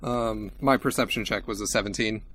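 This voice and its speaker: A man's voice: lowish voice, fairly even intonation, normal speed, fairly bright tone, no echo, low-quality recording. A man playing a tabletop game, talking casually with many fillers. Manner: hesitant, many fillers, laughing. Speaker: player.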